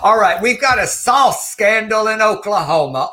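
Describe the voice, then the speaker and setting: A man's voice: high voice, lively intonation, moderate pace, bright, forceful tone. An older man, co-hosting a casual news chat show and reading quotes in a mocking tone. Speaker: podcast co-host.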